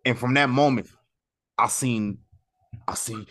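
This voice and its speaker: A man's voice: mid-range voice, measured pace. A man in his thirties co-hosting a podcast, telling wrestling stories in a loose, slangy way. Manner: storytelling, animated with slang. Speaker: podcast co-host. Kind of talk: casual wrestling chat.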